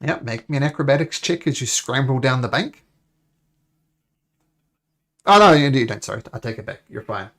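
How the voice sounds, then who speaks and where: A man's voice: medium pitch, animated, moderate pace, pauses often, a bit bright. A man narrating as game master, rambling along with self-corrections.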